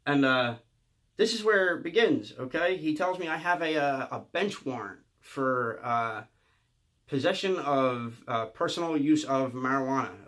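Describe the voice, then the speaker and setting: A man, telling a rambling, profane storytime monologue and ending lines with a quick "okay?". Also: medium pitch, a bit bright. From Philadelphia area. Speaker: comedian.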